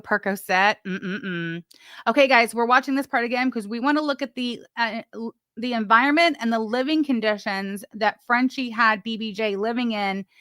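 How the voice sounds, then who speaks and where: Bright, chatty woman live-streaming. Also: fairly high pitch, clean tone, dry recording, clean studio sound. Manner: chatty, reads messages aloud with mock drama, swears freely. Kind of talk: casual live commentary.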